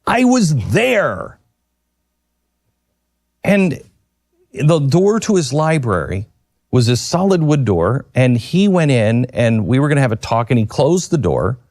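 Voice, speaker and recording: Earnest male radio host, lively pitch. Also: no room sound, studio quality. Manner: earnest, reflective, with halting restarts. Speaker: radio talk show host. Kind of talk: personal storytelling on air. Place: radio studio.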